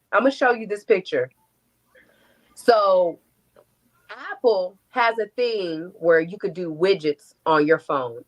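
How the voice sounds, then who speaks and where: A young adult woman telling her own story in an interview, animated, acting out quotes and swearing freely. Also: mid-range voice, lo-fi sound.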